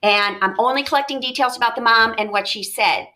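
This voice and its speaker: A woman's voice: a little high, brisk, bright, forceful tone. A woman teacher giving a recorded lesson, explaining step by step and thinking aloud with questions.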